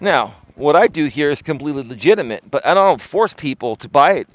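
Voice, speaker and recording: Middle-aged life coach guy on a live stream, kinda high voice, punchy emphasis, dry close mic. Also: animated, fairly quick, dry recording. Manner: emphatic, swinging highs and lows.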